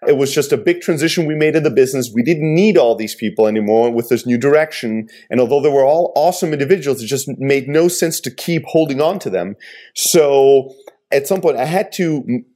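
A man's voice: medium pitch, a little fast, mellow. A man, an entrepreneur, speaking earnestly and reflectively in casual conversation.

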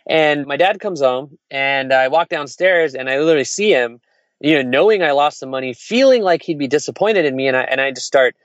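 A man and entrepreneur telling candid stories in casual conversation, frank and animated, acting out quoted voices. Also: on the high side, fairly quick, no room sound, muffled recording.

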